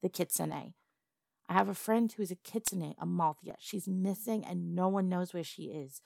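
A woman's voice: on the low side, moderate pace, vocal fry, a little mellow, no room sound. A woman voicing a brash, blunt female goblin in a listener role-play audio. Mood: angry. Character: gruff tough female goblin, blunt and threatening.

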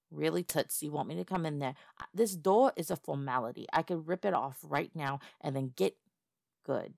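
A woman's voice: low-pitched, moderate pace, vocal fry, warm tone, no room sound, clean studio sound. A woman voicing a brash, blunt female goblin in a listener role-play audio. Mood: annoyed. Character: gruff tough female goblin, blunt and threatening.

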